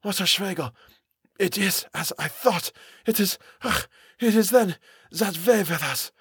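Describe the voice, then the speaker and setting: A man's voice: high voice, unhurried, a bit bright, breathy edge, no room sound, studio quality, voice pushed up, exaggerated voice. A man voicing a terrified man who stammers and quavers as if facing a ghost, his voice shaking. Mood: mumbling dread. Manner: stammering, shaky, rising to shrieks.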